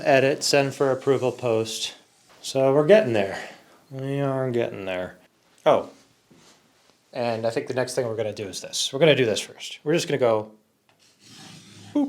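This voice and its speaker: A man, a content creator, talking to himself at home as he works through a behind-the-scenes vlog, with quick rambling asides. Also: medium pitch. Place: at home, indoors.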